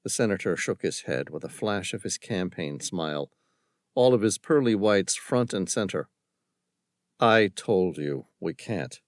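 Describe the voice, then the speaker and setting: A male audiobook narrator reading a thriller novel in a measured, dramatic storytelling manner. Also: sits low, expressive, darkish tone, no echo, clean studio sound. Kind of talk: scripted narration.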